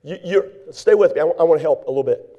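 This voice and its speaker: Man, preacher, folksy sermon, fairly high voice. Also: quick pace, dark tone, muffled recording. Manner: folksy preaching with acted-out asides. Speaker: pastor.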